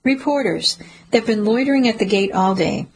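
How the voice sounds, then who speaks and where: A woman's voice: fairly high pitch, animated, normal speed, husky, low-quality recording. A woman reading a stern older housekeeper who speaks in blunt, curt warnings. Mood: grim. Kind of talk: audiobook character voice.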